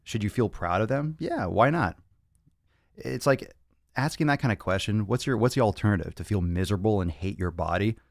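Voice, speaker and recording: A young man's lowish voice, a little fast and touched with vocal fry, carries no room sound. He's hosting a fitness podcast livestream Q&A from his home studio with monitors and cameras, brash and profane, joking as he responds to viewers.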